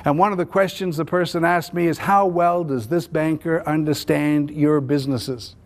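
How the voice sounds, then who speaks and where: A man's voice: a little high, fairly even intonation, moderate pace. A middle-aged man from New Zealand giving a business talk, telling stories and acting out the dialogue in a conversational way. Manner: anecdotal, conversational, acts out dialogue. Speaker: business speaker. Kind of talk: storytelling talk to an audience.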